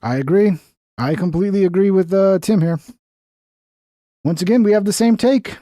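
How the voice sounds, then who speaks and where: Profane, high-voiced male streamer. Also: moderate pace, dark tone, dry recording, clean studio sound. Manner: profane, rambling, blunt. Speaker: livestream host. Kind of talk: casual livestream commentary.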